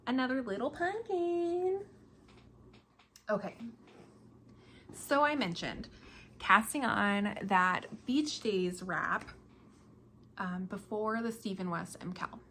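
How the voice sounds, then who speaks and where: A woman's voice: medium pitch, animated, takes it slowly, long pauses, fairly bright tone, a little hiss or hum. Chatty woman hosting a craft podcast. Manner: chatty, self-deprecating, laughs often. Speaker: podcast host. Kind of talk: casual chat about knitting projects.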